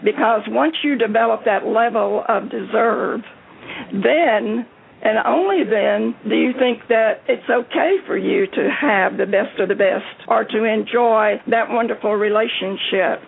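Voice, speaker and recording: A woman's voice: on the high side, unhurried, gravelly. A woman speaking enthusiastically and encouragingly as a guest on a motivational panel. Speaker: panel guest, success coach. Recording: tinny phone-like sound with faint hiss.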